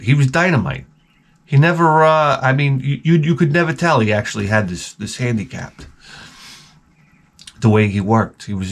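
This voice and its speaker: A man hosting his own video, telling work stories in a wry, rambling way with crude asides. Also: mid-range voice. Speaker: video host. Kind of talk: casual rambling monologue.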